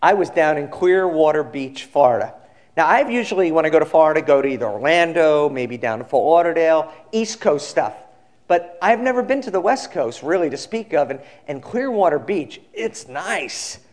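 A male pastor giving a sermon, telling a story in a relaxed conversational way and acting out the quoted people. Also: a little high, normal speed.

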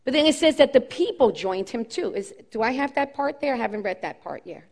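A woman's voice: high-pitched, expressive, a little fast, a little mellow. A woman preaching a sermon with impassioned emphasis, repeating key phrases as her voice rises and falls.

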